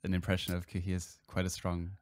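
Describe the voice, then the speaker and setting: A man's voice: low-pitched, completely flat delivery, fast, no echo. A man hosting a podcast, asking curious follow-up questions in casual chat. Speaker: podcast host.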